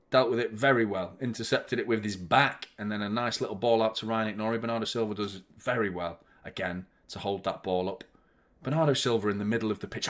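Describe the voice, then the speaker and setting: A young man hosting a live football watchalong, chatting about the match and swearing at the referee. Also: mid-range voice. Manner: fan reacting to play, swears and shouts at the referee. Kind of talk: live match commentary and chat.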